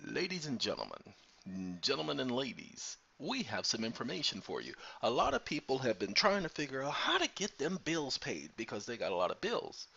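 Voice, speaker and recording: A man's voice: medium pitch, wildly swooping pitch, moderate pace, gravelly, sharp tone, breathy edge, muffled recording. A man hosting his own channel, chatting casually to his viewers in a playful, preachy, slangy way while wearing a headset mic. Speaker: channel host. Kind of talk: casual talk to camera while making hot chocolate.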